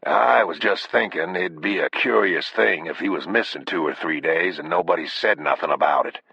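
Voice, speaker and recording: A man's voice: low-pitched, vocal fry, pushed and bright, slightly rough, no room sound, exaggerated voice. Man voicing a grim, laconic Texas sheriff. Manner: slow, laconic drawl. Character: weathered older male Texas sheriff, calm and grim. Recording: dull, dry lo-fi audio.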